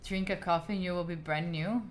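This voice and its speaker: A woman's voice: on the low side, fairly even intonation, fairly quick, slight background noise. A young woman with an Italian accent, a native Italian speaker, chatting casually through a game stream and talking to the characters on screen. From Italy. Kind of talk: casual gaming stream commentary.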